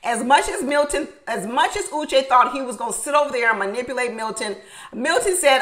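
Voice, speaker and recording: With a high voice and a slightly fast pace, a woman gives a loose, chatty reality-show recap. She's animated and emphatic, laughs a lot, and repeats her favorite lines two or three times; the audio is poor.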